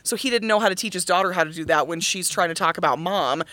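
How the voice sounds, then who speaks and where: A woman co-hosting a casual podcast about musical theatre, animated, laughing hard and cursing freely. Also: fairly low pitch, quick pace, dry recording. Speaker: podcast co-host.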